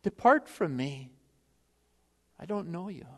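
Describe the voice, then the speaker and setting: A man voicing God as a grave, solemn judge who speaks quietly. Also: a little high, very animated, takes it slowly, in a large hall, full character voice.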